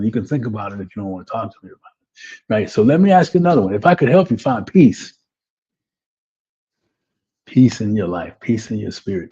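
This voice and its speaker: A fairly low-pitched, mellow and slightly rough voice belongs to a man coaching through a live motivational webinar. He repeats himself, tagging lines with "right?" and "man," over dull lo-fi sound.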